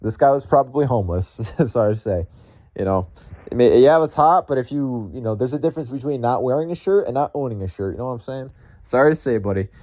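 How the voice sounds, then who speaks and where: A young man spins a casual, rambling story, filling it with "like" and the occasional curse. His voice sits in an ordinary middle pitch for a man. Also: lively intonation, quick pace, dark tone. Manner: rambling, heavy on filler words, profane. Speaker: podcast host and ice cream vendor.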